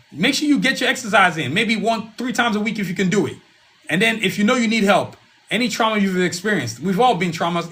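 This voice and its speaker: A man's voice: high-pitched, pushed and bright. A man hosting a solo podcast in a casual, rambling way, repeating himself and calling out to the listeners. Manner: rambling, repeats himself, calls the audience "y'all". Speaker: podcast host.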